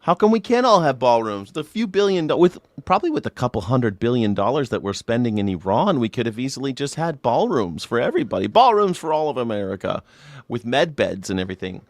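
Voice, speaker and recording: A man hosts a live political call-in show, his medium-pitched voice sing-song and brisk as he rants sarcastically. He swears, does mocking voices, and calls out the chat in a comedic way, with no echo in the sound.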